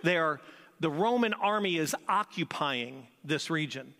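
A male pastor preaching a sermon, animated and emphatic, repeating phrases for stress. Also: a little high, unhurried, creaky. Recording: long reverb of a large hall.

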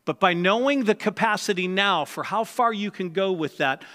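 A man's voice: high voice, lively intonation, normal speed, sharp tone, long reverb tail. A man preaching a sermon as pastor, speaking in a conversational way and often acting out both sides of a conversation. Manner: conversational, acts out quoted dialogue.

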